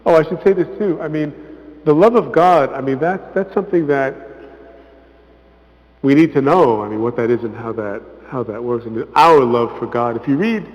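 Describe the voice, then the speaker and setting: Priest speaking in an echoey hall. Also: male voice, mid-range voice. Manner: conversational, often tags "right?"; acts out quotes with lively emphasis. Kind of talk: informal parish talk. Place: church hall. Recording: echoey church hall, muffled sound.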